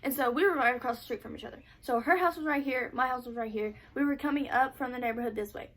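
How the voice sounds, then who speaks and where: A young woman telling a casual storytime vlog, animated, swearing freely and saying "like" constantly. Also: high voice, quick pace. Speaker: vlogger.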